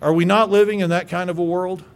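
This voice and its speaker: A pastor preaching a radio sermon, forceful and emphatic, stumbling over repeated words as he builds up. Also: high-pitched, fairly even intonation, fast talker, gravelly.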